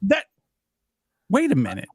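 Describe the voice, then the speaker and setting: A man co-hosting a podcast livestream in casual, excitable banter. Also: high voice, unhurried, slightly rough, dry recording, clean studio sound. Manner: excitable, exclaiming, animated. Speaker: podcast co-host.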